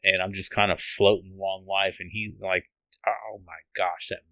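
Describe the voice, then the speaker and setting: A man's voice: deep voice, level tone, moderate pace, creaky, fairly bright tone, no echo. Earnest man telling a rambling testimony. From United States. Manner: earnest, rambling, restarts and laughs. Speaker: podcast guest. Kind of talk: emotional testimony.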